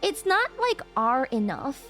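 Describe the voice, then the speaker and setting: A woman's voice: high voice, big pitch swings, measured pace, fairly bright tone. A young woman streamer chatting casually with her viewers, playful and laughing often. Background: music.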